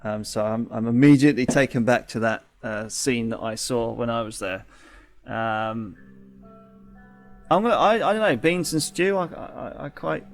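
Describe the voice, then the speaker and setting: A man hosts a let's play in a mid-pitched voice, reading out game text and chatting. He stumbles, corrects himself and laughs easily, with faint music underneath. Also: expressive, moderate pace.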